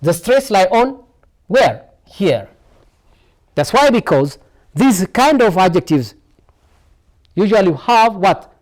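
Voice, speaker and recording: A man's voice: high-pitched, big pitch swings, takes it slowly, long pauses. Man teaching word stress. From Ethiopia. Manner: asks rhetorical "what?" questions and repeats each word many times. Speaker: English teacher. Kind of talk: televised classroom lesson.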